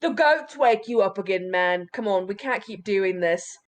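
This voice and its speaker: A woman's voice: mid-range voice, animated, moderate pace, natural voice. A woman voicing a patient, weary male giant who scolds and comforts his friend in a tabletop game. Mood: exasperated. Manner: exasperated but comforting.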